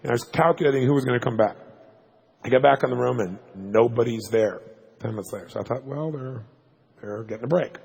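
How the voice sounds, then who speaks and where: A man giving a motivational seminar talk, telling a story in an animated, emphatic way. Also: medium pitch, quick pace, vocal fry, husky, poor audio. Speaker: motivational speaker.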